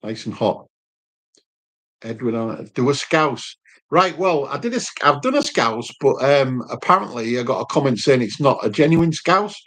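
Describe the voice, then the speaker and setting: A man's voice: mid-range voice, sing-song, normal speed, fairly bright tone. A man co-hosting a casual home live chat about food, chatting and reading out viewer comments. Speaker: cooking channel co-host.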